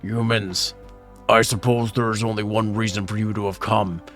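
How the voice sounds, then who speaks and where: A man voicing a huge, solemn ancient dragon that speaks slowly and gravely to humans in a story game. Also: lowish voice, fairly even intonation, fairly bright tone, faint music behind, pitched below the performer's own voice, close to an everyday voice.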